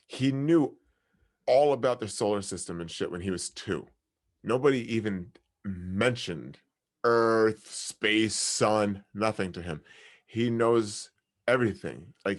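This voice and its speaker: Low-voiced man, casual rambling podcast storyteller, lots of fillers. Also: slow.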